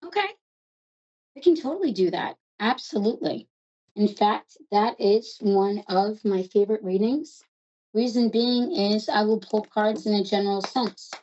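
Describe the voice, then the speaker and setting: A woman from New York with a New York accent, hosting a call-in psychic reading in a fast, chatty, affectionate way. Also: mid-range voice, a little mellow, muffled recording. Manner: fast, chatty and affectionate, calls callers love. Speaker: psychic reader host.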